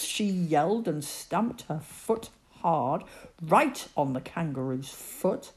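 A woman reading a children's story aloud, narrating in an expressive, dramatic way. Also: low-pitched, slow.

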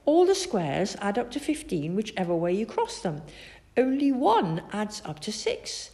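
A woman's voice: medium pitch, wildly swooping pitch, a little slow, warm tone, voice pushed up. A cautious young schoolboy from a storybook read aloud, played by a woman. He talks carefully and sounds a little worried. His voice jumps up and down a lot. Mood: puzzled. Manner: careful, puzzled.

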